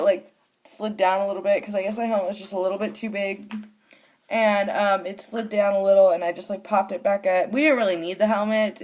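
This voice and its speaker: A woman vlogger, a mother of young children, casually telling a story to the camera. She acts out the voices of the people in it and swears now and then. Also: medium pitch.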